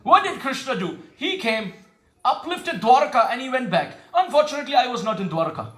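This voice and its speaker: Male preacher with a high, bright voice; asks listeners questions, intones verses slowly; echoey hall. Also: very animated. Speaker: spiritual teacher. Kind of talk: devotional sermon with call and response.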